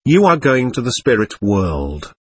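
A man's voice: mid-range voice, very animated, measured pace, husky, no room sound. A man reading the part of a doctor who questions spirits in a firm, patient manner, in an audiobook. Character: calm, firm male doctor guiding spirits.

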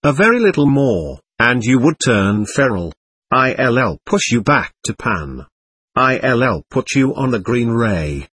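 A man's voice: medium pitch, very animated, slow pace, a bit bright, breathy edge, no room sound, heavily acted. A man reading the part of a domineering, aloof man chasing occult power, in an intense, persuasive way. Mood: urging. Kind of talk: audiobook reading.

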